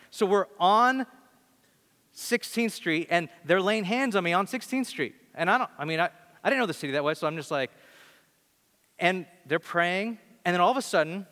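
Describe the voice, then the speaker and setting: A man preaching a sermon and telling a story in an animated, conversational way, with frequent restarts. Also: high voice, moderate pace. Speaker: pastor. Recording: long hall reverb.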